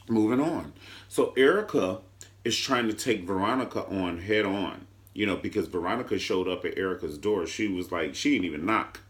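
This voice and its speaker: Male TV recapper, sassy, dramatic pitch swings, chatty vlog delivery. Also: normal speed. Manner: sassy, flamboyant storytelling; leaps between high and low pitch for emphasis. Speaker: TV show reviewer.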